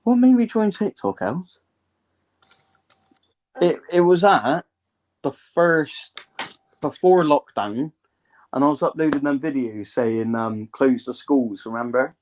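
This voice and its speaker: A man's voice: a little high, expressive, slow, long pauses, a little mellow. Rambling man on a dull live stream. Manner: rambling, hesitant, often checks the listener follows. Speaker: guest. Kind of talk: casual live-stream interview.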